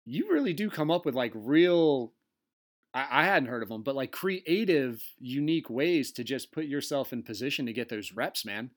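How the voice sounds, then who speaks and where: A man's voice: medium pitch, animated, normal speed. A man hosting a podcast, chatting casually and eagerly, swearing often and saying "dude" and "like.". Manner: enthusiastic, swears a lot, says dude and like. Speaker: podcast host. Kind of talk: casual conversation.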